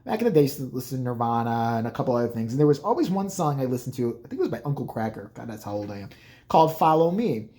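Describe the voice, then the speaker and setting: A man's voice: mid-range voice, very animated, racing, mellow. A man in his thirties telling rambling, profane, jokey stories in a casual monologue. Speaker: vlogger.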